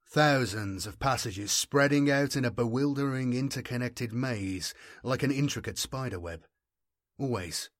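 Man, mid-pitched, narrating a dark story with grave, steady gravity; dry close-mic read. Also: no room sound. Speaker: audiobook narrator. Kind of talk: scripted dramatic narration.

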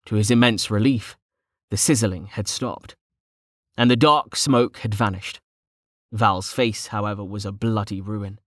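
A man narrating a fantasy audiobook in steady storytelling. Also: fairly low pitch, a little slow, no room sound, studio quality.

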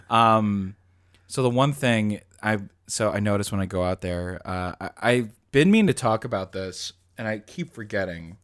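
A man co-hosting a podcast in casual chat, telling stories animatedly, laughing often and slipping into squeaky put-on voices. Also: normal speed, dry recording, clean studio sound. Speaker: podcast co-host.

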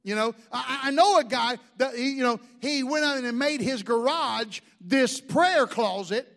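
High-voiced pastor joking through a sermon. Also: male voice, measured pace, vocal fry. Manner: animated, joking storyteller with many restarts.

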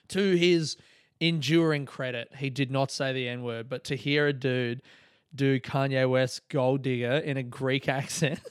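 A man's voice: mid-range voice, smooth, no room sound, studio quality. A man, a comedian hosting his podcast, telling meandering, profane, nostalgic stories in a casual monologue.

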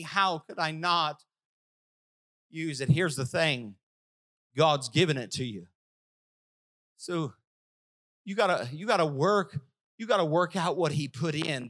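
A male pastor preaching a sermon with emphatic delivery, repeating phrases and swinging from loud, raised lines to soft, quiet ones. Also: on the high side. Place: church service.

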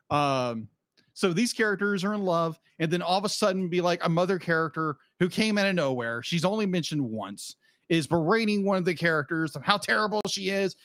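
A man co-hosting a podcast in loose, casual chat. He rambles, restarts his sentences and keeps adding asides. His voice sits slightly high, and the sound is dry and close. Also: a bit bright, no room sound. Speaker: podcast co-host.

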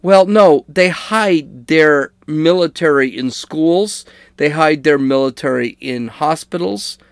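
A man's voice: a little high, slow, vocal fry, clean tone, dry recording, studio quality. A man giving casual spoken commentary on current events, conversational, checking in with listeners with "okay?" and correcting himself as he goes. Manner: conversational, fillers and restarts, asks "okay?" to listeners. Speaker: political commentator.

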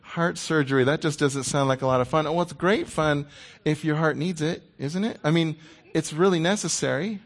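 A middle-aged man preaching a sermon in a conversational, playful way, dropping to a hushed voice when he quotes God. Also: on the high side, moderate pace, hardly any pauses.

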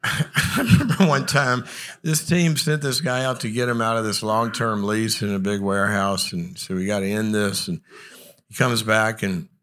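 A man's voice: on the low side, moderate pace. A middle-aged man, a psychologist, giving a humorous talk to an audience and acting out dialogue in his anecdotes. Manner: animated, acts out dialogue in anecdotes. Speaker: psychologist and speaker.

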